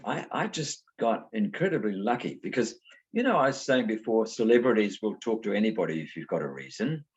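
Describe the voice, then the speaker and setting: A middle-aged man from New Zealand, a guest author talking casually in an interview and telling lively anecdotes. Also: lowish voice, a little fast, dull audio. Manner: animated storyteller, acts out voices in anecdotes. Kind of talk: conversational interview.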